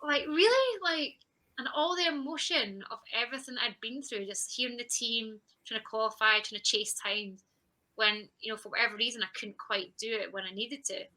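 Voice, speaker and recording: A woman guest on a podcast, relaxed and chatty. Her voice is very bright and sharp. She tells her story with animation and slips into her own past thoughts as she goes. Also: on the high side, a little fast, rough recording. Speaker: guest, champion sprinter. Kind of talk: conversational podcast interview.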